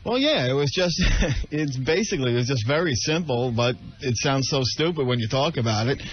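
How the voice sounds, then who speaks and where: A man's voice: medium pitch, lively intonation, moderate pace. A man, a radio show producer, explaining himself sheepishly and at length in casual on-air banter. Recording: lo-fi radio broadcast.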